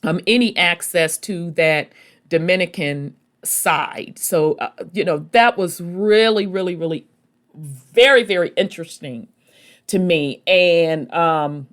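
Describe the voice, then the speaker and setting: Woman, podcast host, unhurried delivery, folksy chatty storytelling. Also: on the low side. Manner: chatty and folksy, calls listeners baby and y'all. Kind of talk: casual storytelling talk.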